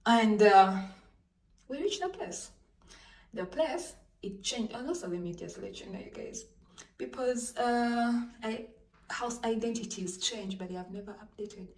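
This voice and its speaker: Animated woman telling a storytime on her phone. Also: on the high side, measured pace, recorded from a distance. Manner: animated, dramatic storytelling, addressing viewers as you guys. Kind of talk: casual storytime vlog. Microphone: handheld phone. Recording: roomy echo, voice off-mic, faint background noise.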